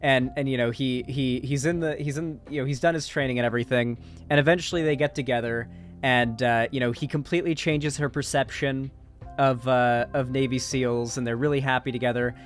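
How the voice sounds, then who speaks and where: Over soft background music, a man with a steady mid-range voice talks briskly. He's an online commentator doing a movie recap as casual political commentary, sarcastic and profane, full of fillers and false starts.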